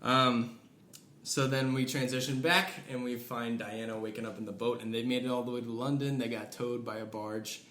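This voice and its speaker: A man's voice: medium pitch, steady tone, normal speed, fairly bright tone. An American man co-hosting a podcast, casually recapping film scenes and quoting characters, with lots of fillers. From United States. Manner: recaps scenes with quoted voices, filler-heavy. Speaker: podcast co-host. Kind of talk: casual movie review chat. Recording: echoey room with faint noise.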